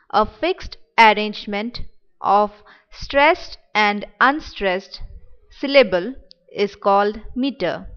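A woman reading a lesson aloud at an even pace, stopping to spell words out letter by letter. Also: fairly high pitch, clear, resonant tone, muffled recording. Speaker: teacher. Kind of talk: slow read-aloud lesson.

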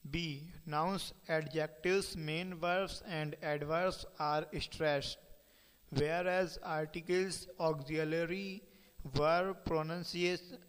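A man teaching a lesson by slow dictation, reading points aloud and spelling words out letter by letter. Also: fairly high pitch, fairly even intonation, clean tone, big-room sound, poor audio.

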